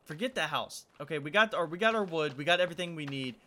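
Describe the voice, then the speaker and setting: A man's voice: on the high side, animated, fast, pushed and bright, slight background noise. A young man hosting a let's-play video, nervously talking to himself as he plays. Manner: nervous, talks to himself while playing. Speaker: gaming video host.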